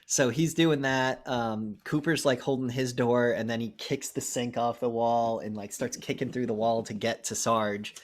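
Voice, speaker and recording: Animated man recapping a horror movie. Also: medium pitch, normal speed, hardly any pauses. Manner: animated storytelling, heavy swearing, acts out quotes. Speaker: podcast co-host.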